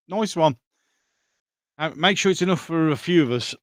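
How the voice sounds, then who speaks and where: A man's voice: a little high, takes it slowly, fairly bright tone, dry recording, clean studio sound. A man hosting a live stream in a loose, conversational way, reading out viewer comments and answering them as he goes. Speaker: livestream host reading viewer chat.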